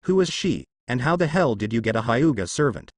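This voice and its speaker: A man's voice: mid-range voice, animated, a little fast, no room sound, clean studio sound, natural voice. A man voicing a hot-tempered woman ninja leader who exclaims indignantly, in a fan fiction reading.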